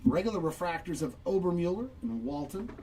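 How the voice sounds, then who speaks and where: A man's voice: high-pitched, a little fast, gravelly, mellow, distant mic, slight background noise, poor audio. A man hosting a live trading card break, chatting upbeat and reacting to each pull while answering viewers.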